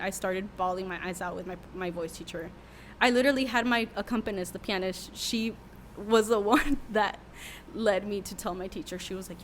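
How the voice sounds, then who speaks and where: A woman's voice: medium pitch, moderate pace, a little hiss or hum. A young adult woman, a worship leader who is a podcast guest, telling a candid, emotional story with many fillers in a casual interview.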